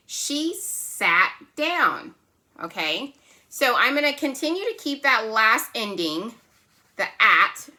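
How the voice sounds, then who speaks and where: A woman teaching a phonics lesson to young children, patient and slow, checking in often with "right?" and "okay?". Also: medium pitch, pushed and bright. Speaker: kindergarten teacher.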